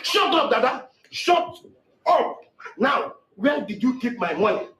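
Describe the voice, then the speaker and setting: A high-pitched, wildly swooping uncle, played by a man who shouts and threatens at full force. He is caught in a comedy skit clip with a roomy echo. A faint hiss sits under him. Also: sing-song, unhurried, heavily acted. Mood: furious. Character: furious man whose money was gambled away. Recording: echoey room recording.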